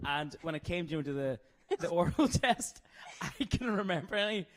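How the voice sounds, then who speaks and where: A Northern Irish man in a relaxed interview chat, with a fairly high voice for a man. He jokes at his own expense and chuckles as he talks. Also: moderate pace. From Northern Ireland. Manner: jokey, self-deprecating, chuckles often.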